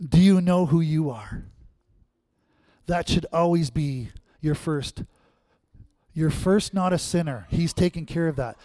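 A pastor preaches to his congregation in a fairly high male voice. He keeps throwing questions back at the room and swings between loud, emphatic lines and quiet asides. The sound is close and dry, with no room echo. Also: unhurried, long pauses. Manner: call-and-response, asking the congregation questions. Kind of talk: sermon.

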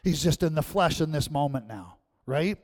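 A man preaching a sermon as pastor, animated and often checking in with the congregation. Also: a little high, normal speed.

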